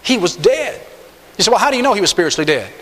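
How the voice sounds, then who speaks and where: Emphatic preacher in a reverberant hall. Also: male voice, sing-song, very fast, fairly bright tone. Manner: emphatic preaching, swings pitch up on key words. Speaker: pastor. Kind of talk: sermon.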